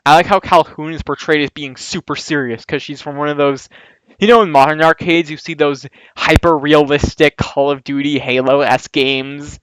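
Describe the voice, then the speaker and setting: A man's voice: a little high, fairly even intonation, a bit bright, smooth, no echo, poor audio. A man giving casual film-ranking commentary, rambling and chatty, often correcting himself mid-sentence. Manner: rambling, chatty, self-correcting with quick laughs. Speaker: movie reviewer.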